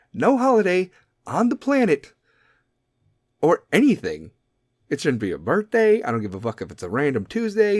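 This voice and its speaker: Casual podcast guy ranting and swearing, kinda high voice, dry close mic. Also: no room sound. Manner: profane, animated ranting. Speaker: podcast host. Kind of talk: comedic rant.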